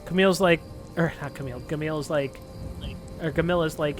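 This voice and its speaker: A man's voice: on the high side, steady tone, fairly quick, faint music behind. A man narrating a tabletop game as game master, rambling with lots of fillers.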